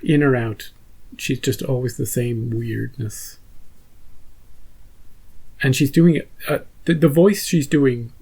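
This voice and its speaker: Guy hosting a reaction vid, rambly and chatty, kinda raspy gravelly tone. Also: mid-range voice, takes it slowly, long pauses, darkish tone, low-quality recording. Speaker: reaction channel host. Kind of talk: casual post-episode chat.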